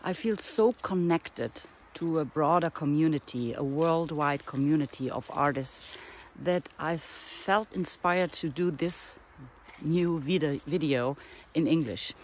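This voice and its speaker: A woman from northern Germany with a German accent talks in English with unhurried, deliberate pacing. She sounds earnest and reflective, sometimes pausing to find the right word. She is a little out of breath from walking uphill outdoors, with faint ambience behind her. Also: low-pitched, slight background noise. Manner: earnest, reflective, searching for words. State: slightly out of breath. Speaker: artist and art teacher. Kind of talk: casual vlog monologue.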